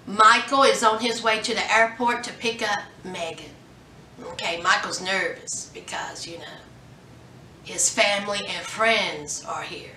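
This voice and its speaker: A woman's voice: mid-range voice, slight background noise. A woman recapping a reality show in casual, sassy chat, acting out the quotes. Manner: animated, sassy, acts out quotes. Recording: echoey room, distant from mic.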